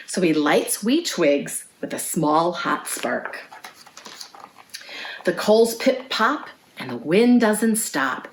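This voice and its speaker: A woman who is a youth librarian, reading a picture book aloud for children in an expressive storytime style and leading sing-along songs. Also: fairly low pitch, slow pace, a little hiss or hum.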